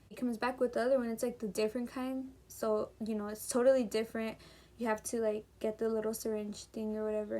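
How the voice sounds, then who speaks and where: A woman's voice: a little high, a little mellow. A seventeen-year-old girl telling a personal story in a chatty, emphatic vlog style full of fillers. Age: teens. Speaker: vlogger. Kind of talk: casual storytime.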